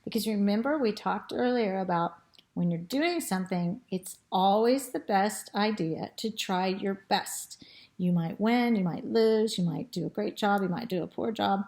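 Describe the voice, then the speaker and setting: A woman with a throat tickle reading a storybook aloud to children, pausing to point at pictures and ask them questions. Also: mid-range voice, a little mellow.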